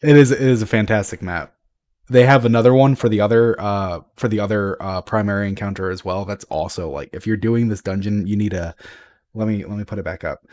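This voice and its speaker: A rather low-pitched man co-hosting a game-lore podcast. He rambles in casual chat, restarting sentences, and swears when he gets worked up. The sound is close and dry, with no room around it. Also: steady tone, a little fast, a little mellow, no room sound. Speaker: podcast co-host.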